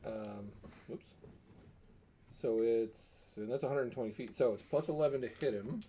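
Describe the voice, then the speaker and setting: A man's voice: medium pitch, normal speed, dark tone, a little hiss or hum. A man playing a tabletop game over a call, working out his moves aloud with hesitant fillers. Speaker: player.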